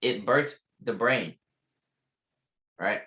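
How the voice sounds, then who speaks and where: A man's voice: on the low side, animated, drawn-out words, bright, forceful tone. A young man teaching a live online trading class, repeating key lines with emphasis and casual slang. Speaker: trading instructor.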